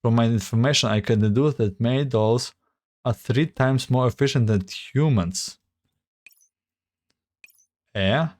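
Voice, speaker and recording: Guy reading as a stiff robot doll girl, all data and conclusions, pretty slow. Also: mid-range voice, a little mellow, natural voice. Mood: analytical. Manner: stiff, data-citing, earnest. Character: formal analytical female android doll.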